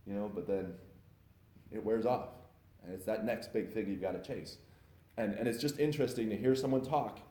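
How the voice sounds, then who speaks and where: A man's voice: on the low side, dark tone, roomy sound. A man teaching a casual Bible lesson, talking loosely with frequent restarts and asides.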